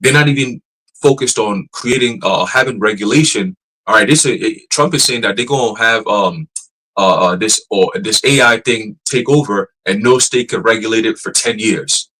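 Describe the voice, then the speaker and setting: A man teaching a church group in a loose, casual preaching style, animated and profane, laughing often and restarting his sentences. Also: lowish voice, normal speed, rough recording.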